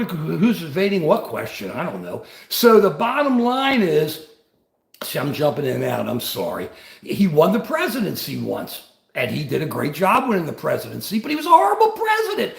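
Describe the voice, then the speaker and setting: A man's voice: a little high, vocal fry, roomy sound. An older man and grandfather, host of a livestream, giving rambling, combative political commentary.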